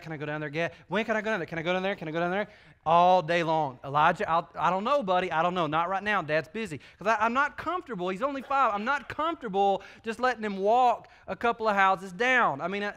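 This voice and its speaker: A man's voice: high-pitched, pushed and bright, clean tone. A male pastor, preaching a sermon in a folksy, joking, conversational way. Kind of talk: sermon with personal stories.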